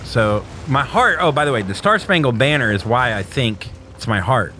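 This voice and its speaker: A man casually telling a wild story on a podcast, animated and profane, laughing as he goes. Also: mid-range voice, moderate pace, a little hiss or hum. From small town.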